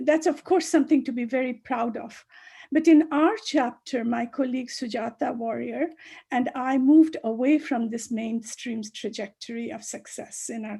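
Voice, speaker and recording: Woman, husky, gravelly, mellow tone, high voice, halting with many fillers, video call. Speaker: panelist, chapter co-author. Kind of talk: virtual panel talk.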